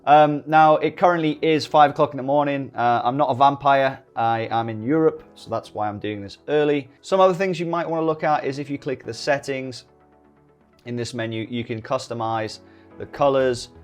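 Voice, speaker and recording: A middle-aged British man giving a relaxed software walkthrough tutorial, full of joking, rambling asides. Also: mid-range voice. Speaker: day-trading YouTuber. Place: home desk early morning.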